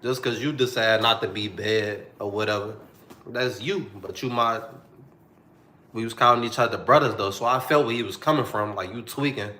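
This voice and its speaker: A man's voice: fairly low pitch, normal speed, pushed and bright, echoey room. A young man telling a personal story to the camera in a slangy, repetitive, heartfelt way.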